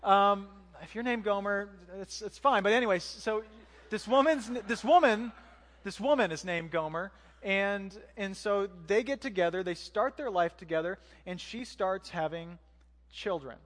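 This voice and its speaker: A man's voice: sits high, a little slow, fairly bright tone, in a large hall. A man giving a conversational sermon as pastor, using joking asides and rhetorical questions.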